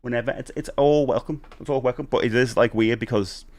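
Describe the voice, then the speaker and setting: A man's voice: medium pitch, fairly even intonation, brisk, darkish tone. A man chatting casually on a live stream, rambling and reading viewer comments aloud.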